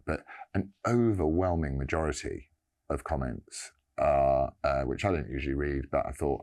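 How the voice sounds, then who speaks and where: A man giving an earnest personal statement, halting and pausing often. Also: extremely low pitch, dark tone. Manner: halting, earnest, many pauses and restarts.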